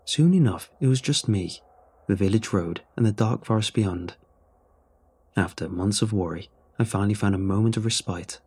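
A man narrating a horror story in a measured, brooding way. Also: lowish voice, a little mellow, breathy edge.

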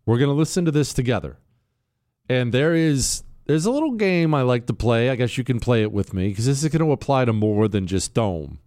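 Sarcastic, lively male talk host. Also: medium pitch, a little fast, dry recording, studio quality. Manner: animated, mocking, talks to producer. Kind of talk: sarcastic talk-show commentary.

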